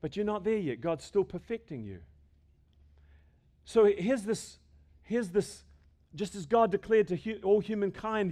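A middle-aged pastor preaches a sermon, swinging from loud emphasis to hushed asides, restarting phrases and posing rhetorical questions. His voice is high and expressive, delivered at a measured pace.

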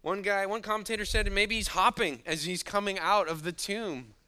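A male pastor delivering a sermon in a very bright, ringing voice that sits a little high for a man. He drops to near-hushed asides, then surges back up loud, with the odd chuckle at his own points. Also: fairly even intonation, normal speed, smooth. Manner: dramatic, shifting between hushed asides and loud bursts.

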